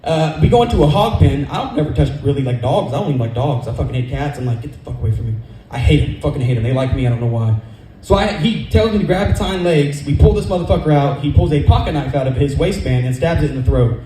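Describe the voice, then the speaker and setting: A man's voice: a little high, mellow, echoey room, slight background noise, rough recording. A man from California doing a rambling, profane stand-up set at a comedy club open mic, speaking into a stage microphone. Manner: rapid, profane, rambling storytelling.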